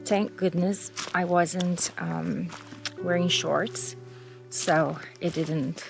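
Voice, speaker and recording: A woman's voice: lowish voice, fairly even intonation, drawn-out words, gravelly, over music, rough recording. A woman vlogging while hiking outdoors on a mountain trail, out of breath, chatty and exclaiming. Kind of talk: casual trail vlog.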